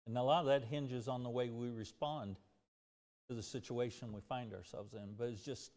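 A man with a middle-pitched voice preaches earnestly. He draws a lesson from the story and puts it to the congregation. His voice trails into a long reverb in the hall. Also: steady tone, normal speed, a little mellow. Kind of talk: sermon.

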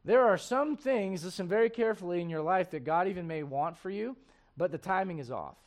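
Male pastor, high voice, conversational sermon delivery with halting restarts and jokey asides. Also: expressive.

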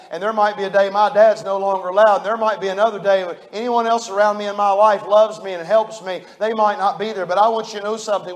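A middle-aged man preaching a sermon, folksy and emphatic, building to fervent peaks. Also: high voice. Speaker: pastor.

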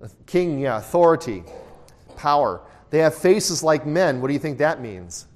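A man's voice: fairly high pitch, very animated, normal speed. A man leading a Bible study, reading scripture aloud and asking his group questions, then echoing their answers. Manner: reads scripture aloud in a raised voice. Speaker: Bible teacher. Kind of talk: interactive Bible study teaching.

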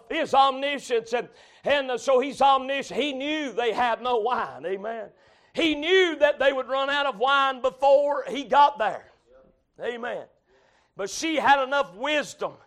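High-voiced preacher shouting a sermon. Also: male voice. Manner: shouts and cries out at peaks, drops to a murmured "amen". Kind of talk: revival sermon. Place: church.

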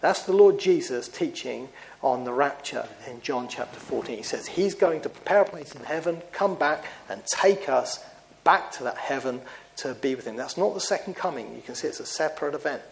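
Man preaching an earnest sermon, teaching style, asks the congregation questions, pauses on fillers. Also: mid-range voice, lively intonation, creaky, a little hiss or hum, low-quality recording.

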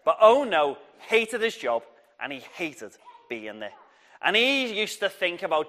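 A man telling a Bible story to children at church, lively and encouraging, getting the audience to shout along. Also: a little high, normal speed. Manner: lively, encouraging, draws the crowd in.

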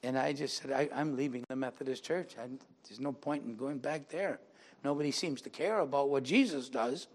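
Speaking at medium pitch and a moderate pace, an older male pastor delivers a sermon with a personal testimony, voicing the people he quotes in dialogue before rising into emphatic preaching.

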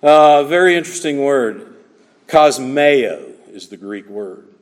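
A man preaching a sermon as a pastor, expressive, acting out small everyday scenes as he teaches. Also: mid-range voice, slow. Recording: reverberant hall.

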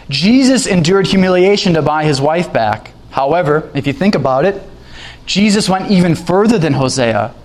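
A man preaching a sermon as pastor, earnest and rising in emphasis when quoting scripture. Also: a little high.

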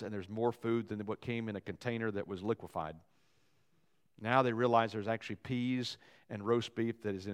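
A man preaching a sermon as pastor, lively and joking, acting out quotes and asides. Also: on the low side. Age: young adult or middle-aged, father of young boys.

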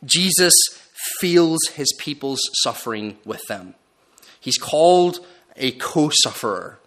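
A man preaching a sermon. He speaks expressively, dropping low and soft for quoted lines and rising for emphasis. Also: animated, slow.

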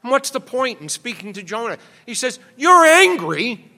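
A man's voice: extremely high pitch, animated, fairly quick, pushed and bright, in a large hall. A man preaching an expository sermon, earnest and rising to emphatic exhortation.

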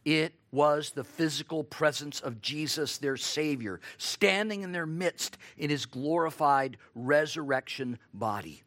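A man preaching a sermon, expressive, acting out quoted lines and asking his listeners rhetorical questions. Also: fairly high pitch, measured pace, hardly any pauses, no room sound.

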